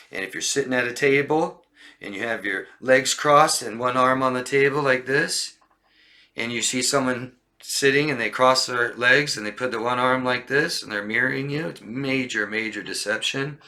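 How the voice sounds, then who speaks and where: A man with a bright, forward voice explains body language to camera. He talks casually and keeps breaking into short acted lines that show how liars sound. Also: mid-range voice, normal speed. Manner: demonstrative, acts out liars' lines in a raised voice. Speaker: coach.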